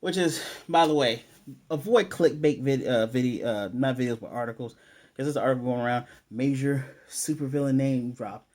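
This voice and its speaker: A man reviewing a TV episode in a casual spoiler recap, rambling with lots of fillers and self-corrections and getting animated over his theories. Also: medium pitch, moderate pace.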